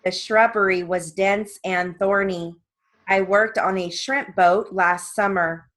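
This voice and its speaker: Casting: woman, steno dictation reader, very slow and measured, mid-range voice. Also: mid-range voice, fairly even intonation, a bit bright, low-quality recording. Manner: reads word lists and sentences evenly, with short spoken asides.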